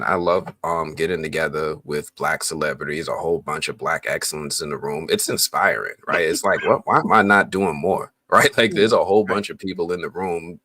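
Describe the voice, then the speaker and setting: A man, a film critic, telling a story in a relaxed, casual way. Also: extremely low pitch, no echo. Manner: relaxed storytelling, laughs often. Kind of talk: casual chat.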